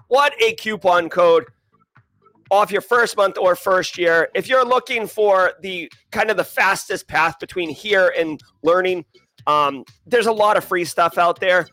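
A man's voice: high-pitched, expressive, a little slow. Hyped man hosting a livestream. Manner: hyped, shouting out viewers and places, sing-song calls. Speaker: host of a daily cybersecurity news livestream. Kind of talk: energetic livestream chat with viewers.

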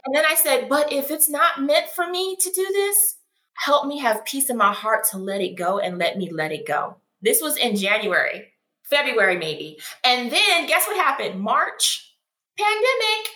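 A woman being interviewed, telling her story in an animated way and acting out what people said. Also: sits high, moderate pace. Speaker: guest, founder of a foot care brand. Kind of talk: casual interview conversation. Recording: echoey room.

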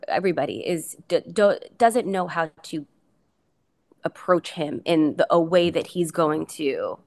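A middle-aged woman, a guest on an interview podcast, talking casually in a rambling way with many fillers and restarts. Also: low voice. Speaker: guest, coach's wife.

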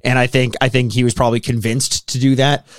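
A man's voice: mid-range voice, flat delivery, a little fast, no room sound, studio quality. A man chatting casually about a movie, rambling and laughing often, with casual swearing. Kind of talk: casual movie-review chat.

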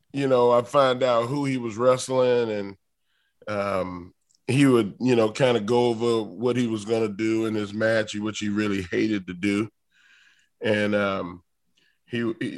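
Halting, stammering man in chat. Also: lowish voice, fairly even intonation. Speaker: podcast co-host, former wrestler. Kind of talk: casual storytelling chat.

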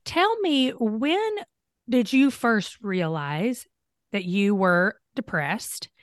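A woman hosting a casual interview podcast, chatting at a middle pitch. The sound is dry and close, and she often murmurs agreement while her guest talks. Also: dry recording. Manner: warm affirming, frequent murmurs. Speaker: podcast host.

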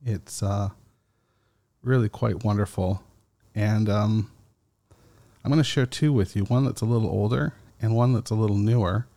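A man hosting a casual solo podcast, talking slowly and haltingly with many fillers, still foggy after an edible. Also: lowish voice, mellow. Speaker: podcast host.

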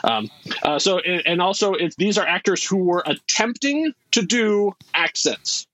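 Husky man with a lively voice. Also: sits high, measured pace, low-quality recording. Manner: laughing often, rambling with restarts. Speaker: podcast co-host running a game. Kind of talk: casual movie chat.

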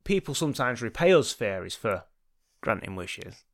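A man voicing a cheeky, pushy little male fairy in a told joke, his voice raised higher. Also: sing-song, normal speed, a bit bright. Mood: insistent. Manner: chirpy, pushy, insistent. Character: cheeky small male fairy granting wishes.

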